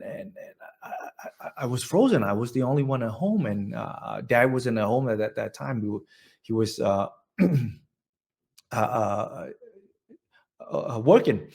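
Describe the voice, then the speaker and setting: A man recounts his own story in an oral history interview. His mid-range voice carries a gravelly edge, and he talks in a halting way, repeating words as he searches for them. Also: medium pitch, a little mellow. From Vietnam. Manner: halting, repeats words, laughs between thoughts.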